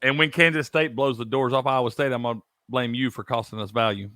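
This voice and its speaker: A man's voice: mid-range voice, fairly even intonation, fast, bright, forceful tone, no room sound. A man hosting a sports betting stream, laid-back and reading off picks. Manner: laid-back, drawling, reads lists of picks. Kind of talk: casual sports chat.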